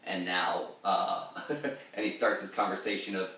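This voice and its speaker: Chatty low-voiced man explaining poetry. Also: flat delivery, normal speed, bright, forceful tone, recorded from a distance. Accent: pirate-style put-on accent in readings. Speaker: literature lecturer. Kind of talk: informal poetry lesson with pirate-voiced readings. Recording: echoey room, voice a bit off-mic.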